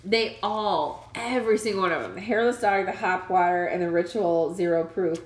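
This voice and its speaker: A woman co-hosting a casual chat, telling stories in a chatty, animated way full of "like". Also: lowish voice, moderate pace. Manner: chatty, animated storyteller with frequent "like". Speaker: podcast co-host. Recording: roomy echo.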